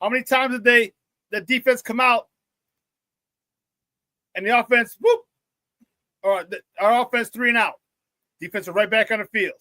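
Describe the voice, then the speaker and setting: A man hosts a live sports talk stream, high-pitched and bright, talking bluntly and laughing at his own jokes. He is close to the mic in a dry room with no echo. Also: fairly even intonation, moderate pace, pauses often. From Chicago area.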